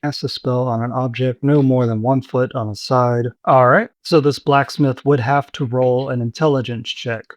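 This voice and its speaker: A man running a tabletop game as game master, explaining rules and scenes in a relaxed way. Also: mid-range voice, moderate pace, hardly any pauses, no echo.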